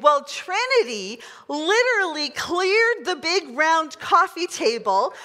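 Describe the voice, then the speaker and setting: A middle-aged woman pastor preaching a sermon, chatty and excitable, leading the congregation in call-and-response. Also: very high-pitched, slow, few pauses. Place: large church hall. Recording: long hall reverb.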